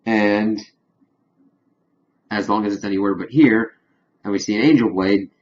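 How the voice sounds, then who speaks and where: Low-voiced man recapping an episode. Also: steady tone, unhurried, a little mellow, lo-fi sound. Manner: rambling retelling full of "of course" and "kind of". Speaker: TV episode reviewer.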